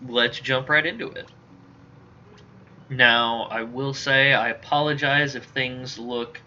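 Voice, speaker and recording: Chatty bright-voiced man gaming. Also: medium pitch. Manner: chatty, self-deprecating. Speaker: gamer. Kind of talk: casual let's-play commentary. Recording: dull lo-fi with faint hiss.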